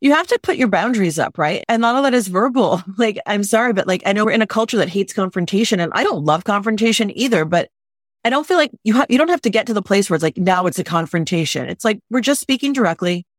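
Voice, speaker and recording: A woman's voice: mid-range voice, fast, no echo, studio quality. A woman wedding planner talking emphatically in a casual podcast interview, often acting out little quotes. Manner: emphatic, animated, acts out quotes. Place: lives in Los Angeles.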